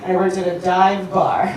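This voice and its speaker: A woman performing a brash, profane stand-up set at a house show, laughing at her own jokes. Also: medium pitch. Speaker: stand-up comic. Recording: echoey room, distant mic, noisy.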